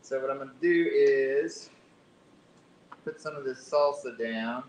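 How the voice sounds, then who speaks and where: A man hosting a live cooking demonstration, reading recipe steps aloud and chatting casually as he plates food. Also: unhurried. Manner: chatty, self-correcting, reads recipe aloud. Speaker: cooking show host. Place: library kitchen room. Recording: echoey kitchen with faint rumble.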